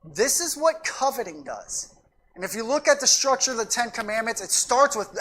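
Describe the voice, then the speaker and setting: A woman's voice: on the high side, expressive, moderate pace, fairly bright tone. A woman pastor preaching a sermon in a church, emphatic and repetitive, weaving in anecdotes. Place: church sanctuary.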